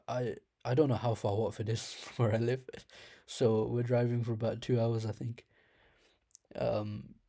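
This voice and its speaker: A man's voice: medium pitch, mellow. A young man with a slight lisp telling a rambling comic story about his dreams in a casual way, laughing at himself now and then. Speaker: storyteller host.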